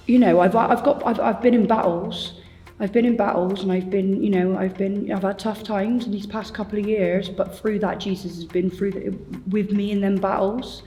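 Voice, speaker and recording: A woman giving an earnest, halting personal testimony, with faint music behind her. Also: medium pitch, dark tone. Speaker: church testimony speaker.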